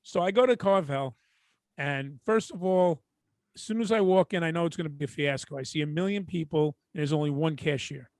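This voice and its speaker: A man's voice: on the high side, fairly quick, no room sound. Middle-aged New York man telling a story. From Brooklyn, New York. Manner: animated storyteller, mimics people in quotes. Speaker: podcast co-host. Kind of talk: casual storytelling chat.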